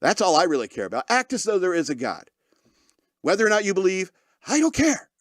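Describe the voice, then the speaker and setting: A man's voice: sits high, very animated, quick pace, no room sound, clean studio sound. A man hosting a podcast, joking sarcastically through news stories and laughing often mid-sentence. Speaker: podcast host. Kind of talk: casual comedic commentary on news.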